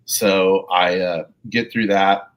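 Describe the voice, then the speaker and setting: A man's voice: low-pitched, steady tone, slow. A middle-aged man, a police officer and podcast guest, telling rambling, jokey stories about his life in an interview. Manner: rambling, jokey anecdotes with laughs. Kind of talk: storytelling interview.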